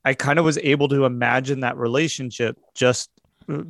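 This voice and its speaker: A man's voice: mid-range voice, steady tone, brisk, gravelly, fairly bright tone, dry recording. Man, game master, podcast host, asks questions, mid voice, dry sound. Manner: leads the talk, asks questions. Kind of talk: casual podcast chat.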